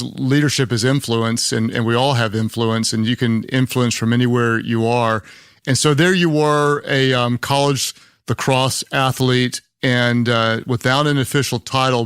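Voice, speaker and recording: A man's voice: medium pitch, fairly even intonation, moderate pace, a bit bright, clear, resonant tone, no room sound, clean studio sound. A man with a Southern Oklahoma accent hosting an interview, asking questions in an encouraging, affirming way. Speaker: podcast host. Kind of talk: conversational interview.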